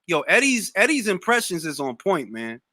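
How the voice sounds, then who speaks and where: Young male talk-show host, bright tense voice, dry close sound, loose slangy delivery with restarts. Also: high voice, normal speed, no room sound. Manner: animated, slangy, repeats words when starting a thought. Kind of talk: casual live Q&A chat.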